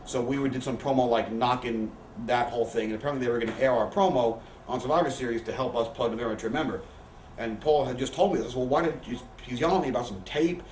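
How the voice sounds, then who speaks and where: Male interview guest, rapid rambling storyteller with salty language; roomy home recording, faint hiss. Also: mid-range voice, a little mellow, distant mic. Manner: profane, rambling anecdotes with quoted voices. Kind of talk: candid storytelling. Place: living room.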